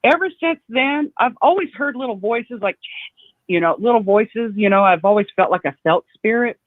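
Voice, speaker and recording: A woman calling in to a talk show, telling an emotional story in a halting way and often saying "you know". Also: medium pitch, no echo. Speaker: caller. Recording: tinny phone line, dry.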